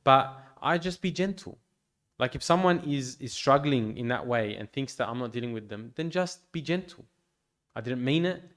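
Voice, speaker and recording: A man, a priest, giving an informal pastoral talk to a youth group in a gentle, reflective way, with frequent restarts and fillers. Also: medium pitch, animated, normal speed. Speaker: priest leading a youth meeting. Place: church hall.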